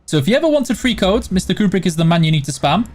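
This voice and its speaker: A man's voice: sits high, very animated, fast talker, slight background noise. A man from the Yorkshire border area with a mild Yorkshire accent, hosting a live stream and answering chat in a casual, matter-of-fact way. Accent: mild Yorkshire English. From West and South Yorkshire border, England. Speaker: stream host reading chat.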